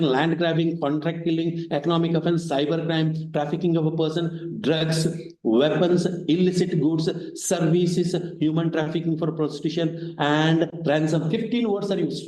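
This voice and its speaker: A male law professor delivers a classroom lecture, fairly high-pitched, with a mellow tone. He repeats key terms and keeps asking rhetorical questions, and the sound carries in an echoey lecture hall. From India. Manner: repetitive, asks rhetorical questions.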